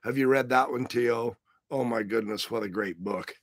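A hoarse man with a rough, raspy voice hosting a casual live stream, joking around and greeting his viewers by name. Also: mid-range voice, moderate pace, dry recording, clean studio sound. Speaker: livestream host.

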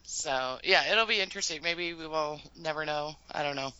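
A woman's voice: sits low, moderate pace, pushed and bright, clear, resonant tone, no echo, muffled recording. A woman co-hosting a podcast, reading a scene-by-scene recap from her notes and laughing often between lines. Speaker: podcast co-host.

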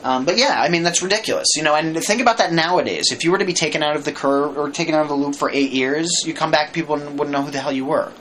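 A man's voice: fairly high pitch, quick pace, hardly any pauses, fairly bright tone, a little hiss or hum, low-quality recording. Rambling, jokey man chatting. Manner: rambling, many fillers and restarts, jokey asides. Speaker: podcast guest. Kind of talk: casual chat.

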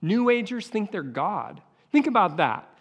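Man, pastor, passionate sermon, swooping lively pitch, reverberant church hall. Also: measured pace. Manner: impassioned preaching, acting out voices for effect.

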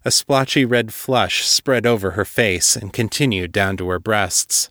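A man with a fairly low voice narrates fiction at a steady, measured pace. The sound is dry and close, with no room around it. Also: no echo. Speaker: story narrator. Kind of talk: audiobook-style fiction narration.

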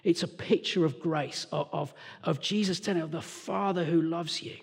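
A man from England preaching a lively sermon as church leader, telling the story with animated character voices and sudden hushed moments. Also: on the high side, normal speed, vocal fry, husky. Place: church hall. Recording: reverberant church hall.

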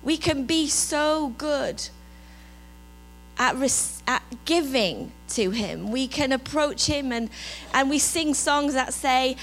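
A woman with an English accent giving a reflective sermon, softening her voice as she lists God's gifts. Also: high-pitched, a little slow, soft background music, poor audio. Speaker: preacher.

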